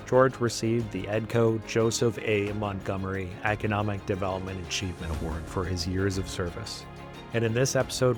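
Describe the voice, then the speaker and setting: A man with a Canadian accent hosting a podcast interview, enthusiastic and chatty, telling stories with animated energy. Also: lowish voice. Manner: enthusiastic storyteller, animated when retelling. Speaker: podcast host. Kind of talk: conversational interview.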